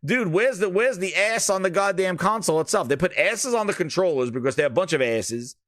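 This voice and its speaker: Animated, profane gaming podcast host. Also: male voice, high-pitched, a little fast, dry recording, clean studio sound. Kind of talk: casual gaming rant.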